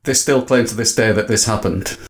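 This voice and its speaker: A man's voice: lowish voice, brisk. A man, co-hosting a casual chat and putting in dry, joking questions. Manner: dry, wry quips and questions. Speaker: podcast co-host.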